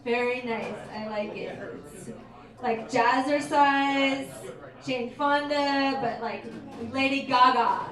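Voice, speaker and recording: A woman's voice: sits high, takes it slowly, a bit bright. A woman co-hosting a comedy night, running a costume contest with upbeat emcee patter. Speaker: co-host. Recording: echoey bar from far off.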